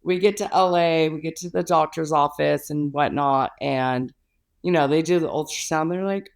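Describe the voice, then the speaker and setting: A young woman, a podcast guest, chatting casually over a remote call and telling her story with animated, acted-out quotes. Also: low-pitched, moderate pace, creaky. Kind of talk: casual chat.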